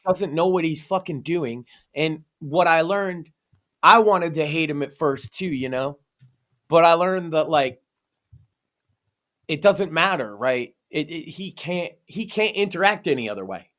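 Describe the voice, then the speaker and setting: A man's voice: on the high side, lively intonation, measured pace, a bit bright. A man in a casual podcast discussion, talking earnestly and emphatically and swearing freely.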